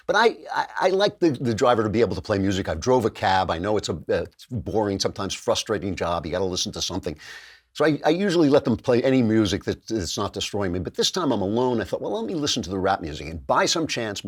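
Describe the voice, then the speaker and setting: Older guy ranting on his show, husky voice, pitch jumps all over. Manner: impassioned, rhetorical, puts on mocking voices for others. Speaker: podcast host. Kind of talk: opinion monologue.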